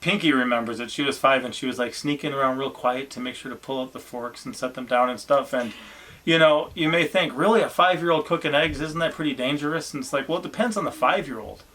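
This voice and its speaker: A man's voice: mid-range voice, quick pace, a bit bright. A man, a family vlogger chatting casually and encouragingly about his children. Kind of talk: casual chat.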